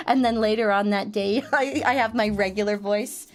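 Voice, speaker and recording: A woman's voice: medium pitch, steady tone, moderate pace, few pauses, over music. A woman streamer chatting casually and playfully with her viewers, giggling often. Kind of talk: casual chat on a livestream.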